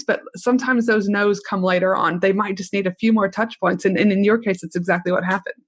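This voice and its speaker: Host: enthusiastic woman, chatty interviewer, conversational, mid-pitched voice. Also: fairly even intonation, a little fast, hardly any pauses. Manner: enthusiastic, chatty, repeats "do you know what I mean". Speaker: podcast host.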